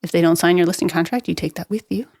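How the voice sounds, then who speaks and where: A woman with a somewhat low voice talks as a guest expert on a real estate podcast. She explains marketing tips in a brisk, practical and upbeat way. The recording is dry and close, with no room sound. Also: steady tone, darkish tone, slightly rough, no echo.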